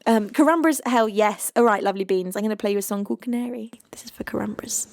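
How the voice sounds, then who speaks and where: A woman's voice: medium pitch, quick pace, vocal fry. A British woman hosting a music live stream, chatting casually and reading viewer comments, giggly and playful.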